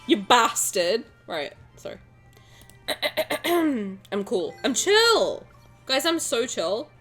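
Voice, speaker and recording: A young woman streaming a game, chatting playfully to her viewers, joking and breaking into excited shouts. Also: a little high, extremely slow, slightly rough, soft background music. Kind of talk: casual game stream commentary.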